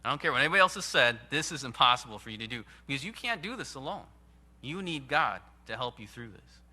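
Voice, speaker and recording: A man preaching a sermon in an earnest, emphatic way, with sudden rises and hushed drops. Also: medium pitch, big pitch swings, fast talker. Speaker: pastor.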